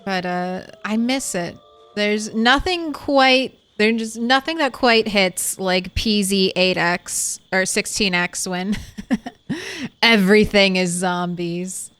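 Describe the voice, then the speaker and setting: Slow-talking woman game streamer. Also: medium pitch, expressive, a bit bright, clean tone. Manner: chatty, laughs often. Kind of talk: casual gameplay commentary.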